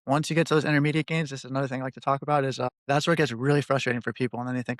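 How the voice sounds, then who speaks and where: Quick, flat-toned male podcast host. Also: mid-range voice, no echo, clean studio sound. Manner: explanatory, storytelling, relaxed coaching talk. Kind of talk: casual podcast conversation.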